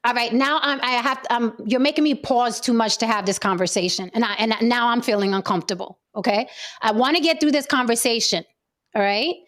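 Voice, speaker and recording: A young adult woman hosting a heated panel discussion, firm and steady as she talks over interruptions to keep control. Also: on the high side, fairly quick. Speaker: panel show host.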